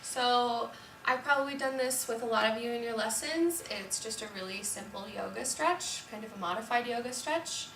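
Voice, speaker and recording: A young woman voice teacher calmly explaining and demonstrating a vocal warm-up at home. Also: a little high, normal speed, a little hiss or hum. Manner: calm, explanatory, sings scale demos. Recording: roomy echo, voice from a distance, piano. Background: piano.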